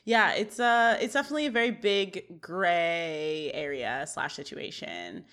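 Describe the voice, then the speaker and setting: A woman's voice: on the low side, expressive, measured pace, fairly bright tone. A woman co-hosting a podcast, chatting casually and reading out scene-by-scene recaps of a sitcom episode. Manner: chatty, reads scene recaps with quoted lines. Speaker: podcast co-host.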